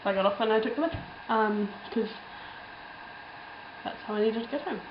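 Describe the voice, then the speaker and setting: A woman's voice: a little high, brisk, reverberant, highs cut off, background noise. A young woman telling a travel story in a casual, rambling way, full of ums and little laughs. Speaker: travel vlogger.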